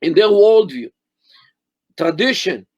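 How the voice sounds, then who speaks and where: Older man, high voice, emphatic and halting. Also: animated, a little mellow, slightly rough, dry recording, dull audio. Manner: deliberate, emphatic, many restarts and fillers. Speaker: interview guest, Middle East scholar. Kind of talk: live video interview.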